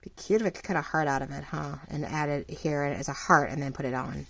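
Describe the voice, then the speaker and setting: A middle-aged woman running a small shop, chatting casually and rambling while she crafts, full of fillers and lively ups and downs. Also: low voice, a little fast, creaky, dry recording. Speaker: craft vlogger and shop owner.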